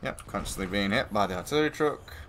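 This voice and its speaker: A man's voice: on the low side, lively intonation, quick pace, fairly bright tone, a little hiss or hum. A man streaming a shooter game, chatting casually with a friend and teasing him with frequent swearing. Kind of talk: casual gaming chat.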